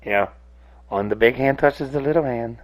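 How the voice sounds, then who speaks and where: A man's voice: mid-range voice, normal speed. A man hosting a casual solo rant podcast, rambling and cursing freely, often breaking off mid-sentence. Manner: rambling, profane, self-interrupting. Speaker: podcast host.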